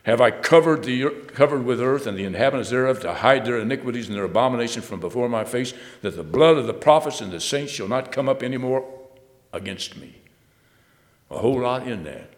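A man preaching a sermon, reading scripture aloud and then expounding it, swinging between loud emphatic bursts and low, quiet asides. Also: animated, brisk, in a large hall.

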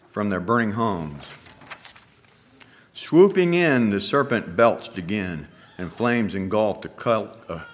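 A male preacher tells an allegory as a sermon, his voice sitting low and dropping to a hush on the tense moments. He reads dramatically and leaves slow pauses between phrases. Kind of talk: sermon storytelling.

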